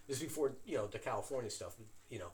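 A man in casual chat, excitedly telling an anecdote with plenty of swearing. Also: mid-range voice, very fast. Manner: animated, excitable storyteller who swears.

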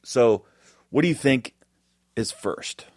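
A man's voice: mid-range voice, lively intonation, slow pace, darkish tone, no echo, studio quality. A man and parent in casual chat, setting up riddles and quizzing his partner. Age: adult parent.

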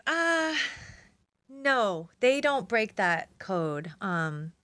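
A woman's voice: very slow, no echo. A woman, a former crime reporter, telling stories as a guest in a casual interview, acting out quotes with big jumps in her voice. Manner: animated, acts out quotes with big pitch jumps.

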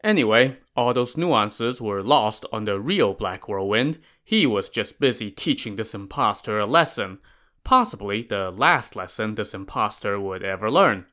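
A man's voice: fairly low pitch, expressive, measured pace, bright, forceful tone. A man narrating a classic tale in a conversational, wry storytelling style with casual asides. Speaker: podcast narrator.

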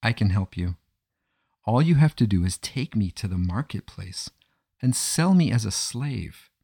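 A man voicing a kind, mysterious stranger who speaks gently and reassuringly in a storybook telling. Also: lowish voice, animated, a little slow, slightly rough, no room sound, clean studio sound, full character voice.

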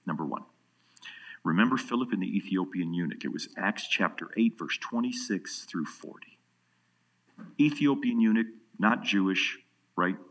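A man preaching a sermon with lively delivery, dropping to hushed tones and rising to loud emphasis. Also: mid-range voice. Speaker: pastor.

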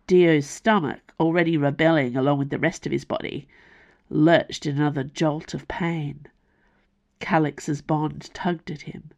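A woman reading her own fantasy novel aloud as audiobook narration, measured and unhurried. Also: deep voice, a little mellow, dull audio. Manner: slow, measured storytelling.

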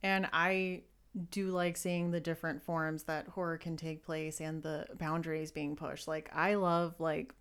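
A woman's voice: sits low, little pitch movement, unhurried, a bit bright, clear, resonant tone. A woman guest on a book podcast, talking casually and enthusiastically with lots of "like". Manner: enthusiastic, many likes. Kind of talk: casual chat.

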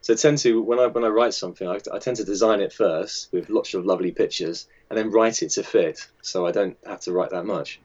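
A man's voice: on the low side, brisk, hardly any pauses, darkish tone, slightly rough, muffled recording. A man who edits and designs a magazine answers interview questions in a chatty, hesitant way, with many fillers and restarts.

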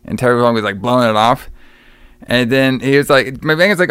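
A man at an ordinary, mid-range pitch talks through a scene on a podcast, swearing casually and getting carried along by the story. The sound is close and dry, with no room around it. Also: a little fast, smooth, no echo. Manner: animated, profane storytelling with laughs. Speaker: podcast co-host. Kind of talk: casual chat.

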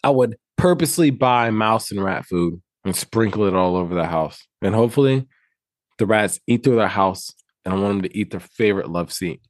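A man with a low voice co-hosting a podcast over a video call, swearing freely through an animated rant. The sound is dry and close to the mic. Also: moderate pace, dry recording. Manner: animated, profane ranting. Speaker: podcast co-host. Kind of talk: casual chat.

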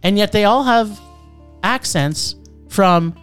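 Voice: medium pitch, animated, takes it slowly, a bit bright, smooth, faint music behind. A film reviewer ranting in casual chat, swearing and talking over the others as they list what annoyed them. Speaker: movie reviewer.

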